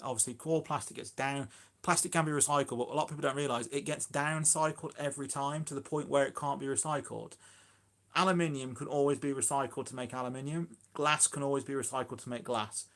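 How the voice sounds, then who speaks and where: A man's voice: medium pitch, a bit bright. A man chatting casually on a phone live stream about his allotment, rambling and self-deprecating. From Shropshire, England.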